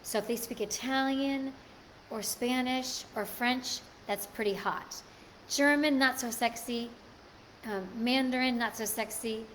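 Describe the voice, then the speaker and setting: A woman's voice: fairly high pitch, measured pace, fairly bright tone, a little hiss or hum. A woman hosting a live stream, chatting casually and answering viewer comments. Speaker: livestream host.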